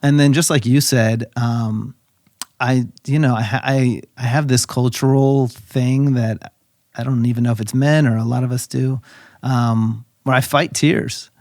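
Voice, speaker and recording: A man's voice: medium pitch, a little slow, no room sound, studio quality. A middle-aged man talking candidly as a podcast guest, telling personal stories and swearing casually. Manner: candid, animated storyteller who swears casually. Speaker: podcast guest, tech company founder. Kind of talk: casual conversation.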